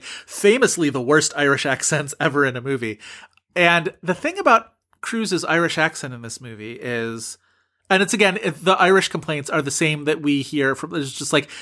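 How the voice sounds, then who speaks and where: A man co-hosting a podcast speaks in a high-ish, bright, pushed voice at a slightly fast pace. His casual chat rambles, full of fillers and restarts.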